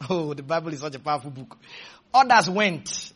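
A man preaching a sermon, shouting dramatic lines and leading the congregation in call-and-response. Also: on the high side, lively intonation, fairly quick, breathy edge.

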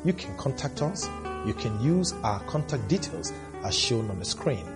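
A man leading a closing prayer invitation in a calm, measured way. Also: medium pitch, music in the background.

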